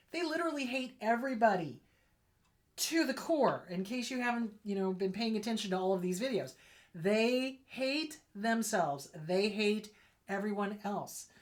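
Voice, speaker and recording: Female therapist-host, unscripted solo talk, blunt and emphatic with heavy repetition. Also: mid-range voice. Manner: blunt, emphatic, repeats points for stress. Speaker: therapist hosting a psychology channel.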